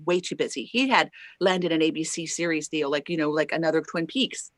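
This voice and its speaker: A woman singer telling an animated story as an interview guest, acting out quoted voices and tagging lines with "right?". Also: sits low, fairly quick, no echo. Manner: lively storyteller who acts out quoted voices and laughs often; chatty, many "like" and "right?" tags.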